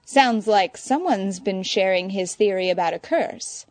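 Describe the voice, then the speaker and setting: A woman voicing a foppish rich gentleman with a lazy, drawling manner. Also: medium pitch, measured pace, no room sound, lightly acted.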